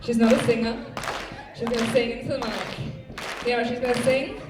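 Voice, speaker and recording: A woman's voice: a little high, flat delivery, brisk, background noise. A woman hosting a live burlesque show, playful and teasing, laughing often, recorded from afar in a large venue with a crowd. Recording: distant mic in an echoey hall with crowd.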